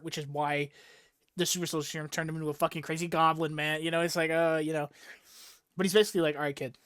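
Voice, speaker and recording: A man's voice: a little high, a bit bright, smooth, no room sound, studio quality. A young man casually recapping a comic book on a podcast, rambling and profane, with frequent "like" and laughs. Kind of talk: casual chat.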